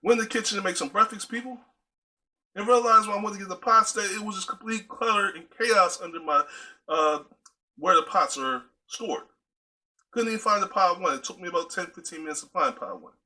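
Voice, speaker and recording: A man talks straight to his viewers in a casual, preachy way. His voice sits high and sounds very bright. He keeps calling his listeners y'all. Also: fairly quick, low-quality recording. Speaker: video host. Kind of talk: casual direct-to-camera talk.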